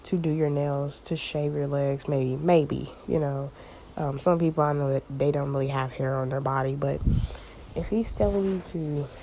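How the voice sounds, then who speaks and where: Deep, warm, and steady, her voice moves at a normal speed over a rough recording carrying a faint hiss or hum. The channel host delivers a prophetic word in casual spiritual vlog talk, wandering through her thoughts with plenty of fillers while speaking to viewers as y'all.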